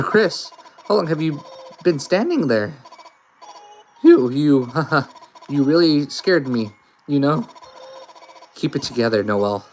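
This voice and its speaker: A man voicing a nervous, timid teenage girl who stammers and hesitates. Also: medium pitch. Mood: startled nervous.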